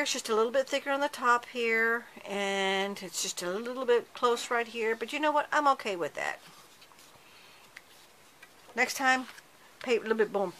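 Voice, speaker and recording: A woman's voice: on the high side, fairly bright tone, poor audio. A woman hosting a card-making tutorial, chatting casually and correcting herself as she works with her hands. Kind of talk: casual craft tutorial narration.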